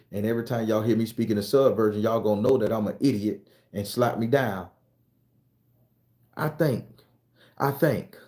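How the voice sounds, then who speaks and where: A man's voice: fairly low pitch, mellow. A man from the United States ranting bluntly and profanely in a casual monologue, working himself up as he goes. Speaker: commentator.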